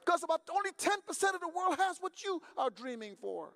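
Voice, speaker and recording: High, gravelly-voiced male preacher. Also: sing-song, a little fast. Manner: conversational, swings from quiet to shouting, acts out dialogues. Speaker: pastor. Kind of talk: sermon.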